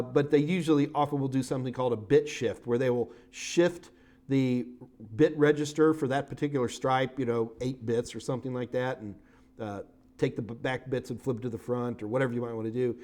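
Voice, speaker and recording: With a fairly high pitch and a darkish tone, a middle-aged man teaches a live-streamed IT certification lecture. He jokes around and keeps it casual while walking through his slides.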